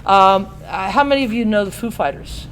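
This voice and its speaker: A woman's voice: mid-range voice, brisk, slight background noise, rough recording. A woman in her sixties, a radio host, telling a folksy, self-mocking story to a school audience, singing bits and laughing at her own jokes. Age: 60s. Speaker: radio host speaking to students. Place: school auditorium.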